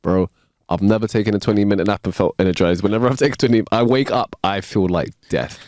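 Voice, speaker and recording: A man co-hosting a podcast in a relaxed, slangy chat, laughing often. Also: fairly low pitch, fast, dry recording, studio quality. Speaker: podcast co-host. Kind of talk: casual chat. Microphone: wireless clip-on mic.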